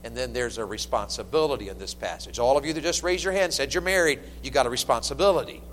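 A man preaching a sermon in a church, animated and folksy with humor. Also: mid-range voice, quick pace, soft background music. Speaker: pastor. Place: church sanctuary. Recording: long reverb of a church hall.

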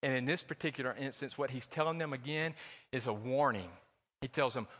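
A man's voice: medium pitch, brisk, a bit bright, big-room sound. A man preaching a sermon as a pastor, in a conversational, joking manner full of personal stories. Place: church.

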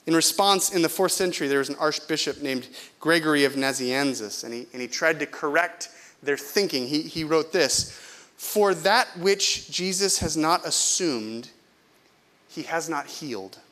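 A man's voice: a little high, expressive, moderate pace, sharp tone. A middle-aged male pastor from California preaching a sermon in a conversational, self-deprecating way, often asking the congregation questions.

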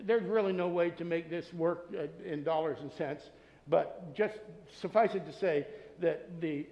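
Male pastor, high voice, earnest sermon with loud peaks and soft asides, echoey church sanctuary. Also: unhurried, muffled recording. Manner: earnest preaching, swinging between loud emphasis and soft asides. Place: church sanctuary with masked congregation.

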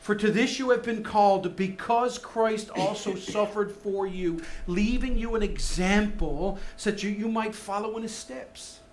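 A man preaching a sermon, moving between soft, hushed lines and loud, rising emphasis. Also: sits high, unhurried, few pauses, a little hiss or hum. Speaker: pastor.

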